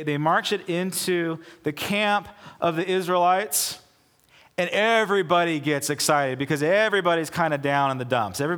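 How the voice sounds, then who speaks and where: A man preaching a casual sermon as pastor, telling the story in an animated way and acting out the people in it. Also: fairly high pitch. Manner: animated storytelling, acts out quoted voices. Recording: long hall reverb.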